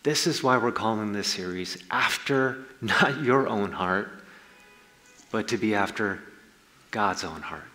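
A man's voice: lowish voice, unhurried, sharp tone, big-room sound, faint music behind. A man preaching a sermon as pastor in a conversational, storytelling way, with slangy asides.

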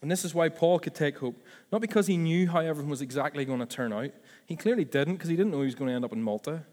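A man's voice: a little high, expressive, quick pace, a little mellow, in a large hall. A man preaching a sermon as pastor, conversational and full of asides and self-corrections.

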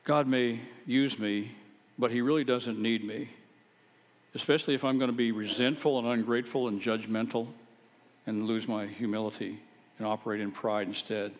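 A man's voice: mid-range voice, steady tone, normal speed. A man, a pastor, preaching a sermon, earnest and at times emphatic as he exhorts his listeners. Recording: long hall reverb.

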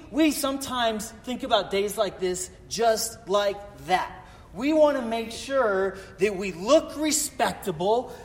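A man preaching a casual Easter sermon as pastor, telling a self-deprecating family story in a chatty way. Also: high-pitched. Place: church sanctuary. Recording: long church reverb.

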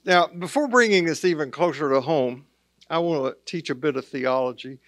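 Conversational male preacher, slightly high voice. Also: normal speed, fairly bright tone, dry recording, studio quality. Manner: conversational preaching with plain asides. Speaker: pastor. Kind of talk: sermon.

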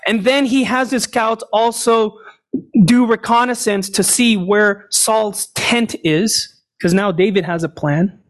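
A man with a high voice preaches at an unhurried pace. He retells a scripture story step by step, pausing to ask questions and answer them himself. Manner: storytelling, explains passages, asks and answers his own questions. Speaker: pastor. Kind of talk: sermon.

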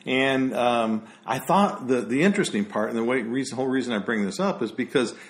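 Male podcast co-host, mid-pitched, rambling with lots of fillers, gets heated. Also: a little fast. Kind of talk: casual conversational discussion.

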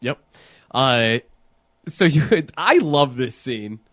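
A man's voice: mid-range voice, lively intonation, takes it slowly, a bit bright. A man co-hosting a casual podcast, chatting about a horror film, laughing often and swearing casually. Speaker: podcast co-host. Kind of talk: casual film-commentary chat.

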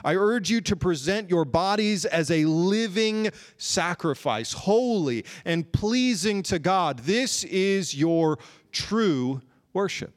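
A man preaching a sermon in an earnest way, slowing down and drawing out key phrases for emphasis. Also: high voice, expressive. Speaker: pastor.

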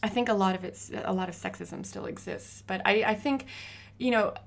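A woman in her thirties, a graffiti artist, telling stories in a casual interview with lively, laughing energy. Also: mid-range voice, normal speed. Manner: animated, laughing storyteller.

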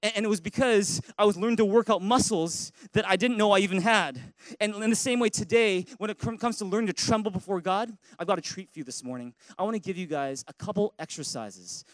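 A male pastor delivering a lively, playful sermon, telling stories and leading his congregation in call-and-response. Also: high voice, dry recording, low-quality recording. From Canada. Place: church sanctuary.

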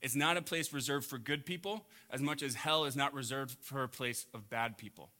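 A man preaching a sermon to a congregation, swinging between loud emphatic peaks and quiet low asides. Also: brisk. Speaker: pastor.

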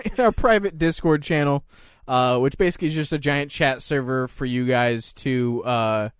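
A man's voice: medium pitch, moderate pace, clear, resonant tone, no echo, studio quality. A man co-hosting a casual podcast, teasing and wry, who breaks off to plug the show's community. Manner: teasing, wry, plugs the show. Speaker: podcast co-host.

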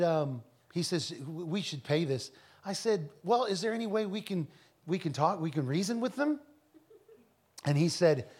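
Man, minister, higher voice, animated testimony, restarts words, shouts scripture to the congregation. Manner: animated, rising to shouted scripture with audience call-outs; repeats and restarts words often. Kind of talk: testimony storytelling at a church Q&A.

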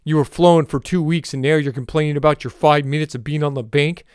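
A man putting on the voice of a stern, impatient talking river that scolds loudly. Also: fairly high pitch, steady tone, quick pace, clear, resonant tone, dry recording, studio quality, lightly acted. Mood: scolding. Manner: loud, brusque, lecturing.

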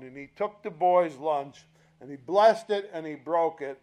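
A man preaching a sermon, telling a story and acting out the voices of the people in it. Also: high voice. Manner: animated storytelling, acting out voices, slow emphatic delivery. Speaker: pastor.

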